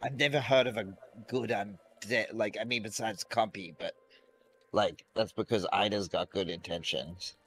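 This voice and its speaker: A man's voice: fairly low pitch, fairly even intonation, normal speed, a bit bright, a little hiss or hum. A man playing a tabletop game, talking casually with many hedges. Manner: casual, hedging with lots of "like". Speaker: player. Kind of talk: casual tabletop role-play.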